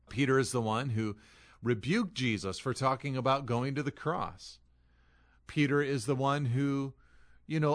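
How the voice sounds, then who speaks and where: An earnest male pastor delivers an expository sermon, moving between read scripture and explanation. His voice sits at an ordinary middle pitch for a man, and he stresses key phrases as he builds his points.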